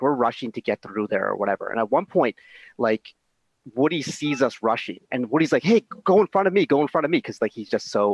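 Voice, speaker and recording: A man's voice: mid-range voice, no room sound, rough recording. A man hosting a casual chat, enthusiastic and laid-back, jumping in with his own stories. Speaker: host.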